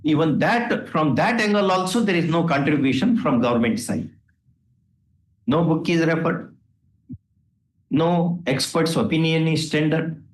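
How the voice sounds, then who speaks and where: A judge with an Indian English accent lectures and scolds the lawyers with rhetorical questions. His voice sits a touch high for a man. The courtroom around him sounds roomy and echoey. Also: expressive, unhurried, long pauses. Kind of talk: courtroom remarks from the bench.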